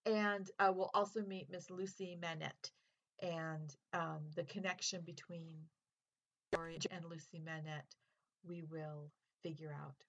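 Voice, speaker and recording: A woman's voice: lowish voice, a bit bright, lo-fi sound. A woman English teacher hosting a literature podcast, giving a casual spoken lesson in an earnest, chatty way with fillers.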